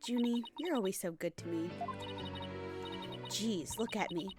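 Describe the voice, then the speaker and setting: A woman's voice: medium pitch, a little slow, music in the background, pitched below the performer's own voice, close to an everyday voice. A woman voicing a determined, loyal young female lawyer, speaking earnestly and upbeat.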